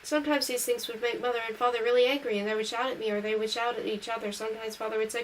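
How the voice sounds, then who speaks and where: A woman reading a novel aloud in a brisk, matter-of-fact first-person voice. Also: on the high side, steady tone. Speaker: reader. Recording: distant mic with faint hiss.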